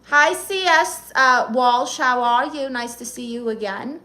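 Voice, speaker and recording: A woman's voice: high voice, a little slow, pushed and bright. A woman hosting a live stream, reading viewers' comments aloud and answering them in a sassy, blunt, teasing way.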